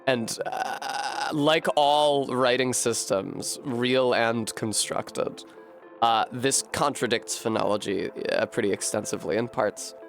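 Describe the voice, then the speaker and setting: A man streaming a game, thinking out loud in a rambling way, swearing freely and running himself down. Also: mid-range voice, steady tone, slow, gravelly, soft background music. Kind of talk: casual live-stream commentary.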